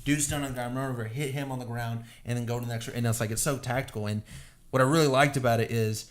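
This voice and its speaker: A man's voice: medium pitch, steady tone, quick pace, a crowd in the background. A young man co-hosting a podcast, chatting enthusiastically and rambling about games. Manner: enthusiastic, rambling gamer talk. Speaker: podcast co-host. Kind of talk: casual chat.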